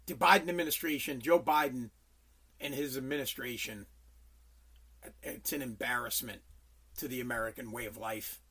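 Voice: mid-range voice, a bit bright, breathy edge. Podcast host, angry rant, profane, repetitive, stammering restarts. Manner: profane, heated, repeats phrases for emphasis; stammers and restarts when worked up.

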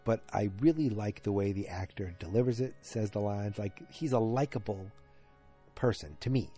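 A man's voice: on the low side, moderate pace, dark tone, slightly rough, faint music behind. A man giving a casual, rambling recap of a TV episode, with many ums and restarts. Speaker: TV episode reviewer.

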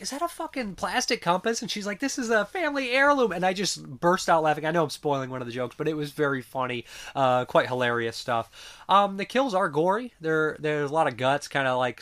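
A man's voice: a little high, a bit bright. A man casually reviewing horror movies, rambling with many fillers and frequent swearing, while sick.

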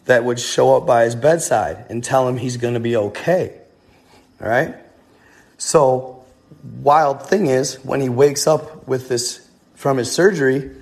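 A man casually telling a ghost story, rambling and swearing, with lots of restarts. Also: medium pitch. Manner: rambling and profane, with many restarts.

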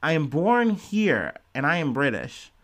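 A man's voice: fairly high pitch, big pitch swings, unhurried, fairly bright tone. Man voicing firm, indignant woman, short clipped replies. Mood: exasperated. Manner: curt, exasperated replies. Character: British woman of African heritage, indignant and firm.

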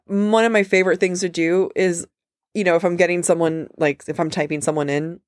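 A woman co-hosting a book podcast in casual chat, talking with quick asides and frequent laughter. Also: fairly low pitch, fairly even intonation, no room sound, studio quality.

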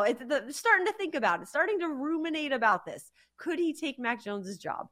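A woman co-hosting a sports podcast, chatty and animated, laughing easily in casual talk about football and betting. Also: high voice, fairly quick.

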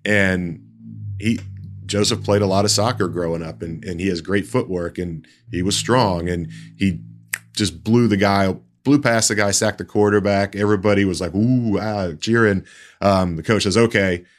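A sports reporter talking in casual podcast chat, telling a story in a halting way with many restarts. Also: male voice, sits low, steady tone, soft background music.

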